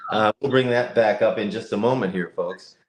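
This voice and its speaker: This Cleveland, Ohio, USA man is a voice actor guesting on a casual live-stream interview via video call, speaking from a home setup with a lighting kit. Reflective and full of fillers, he talks at a moderate pace in a lowish voice. There's a roomy echo on the recording.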